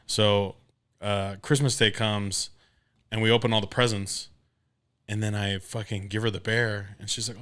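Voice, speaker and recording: Brief: male podcast co-host, late 20s, deep-ish and profane, lively storyteller. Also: normal speed, clean tone. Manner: profane animated storyteller, acts out others' voices. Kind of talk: casual podcast chat.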